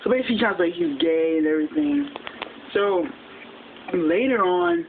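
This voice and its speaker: A casual fan recap of a TV episode, told in a quick, rambling way with plenty of restarts. The audio is thin and phone-like. A faint hiss runs under the voice. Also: medium pitch, animated. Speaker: TV episode reviewer.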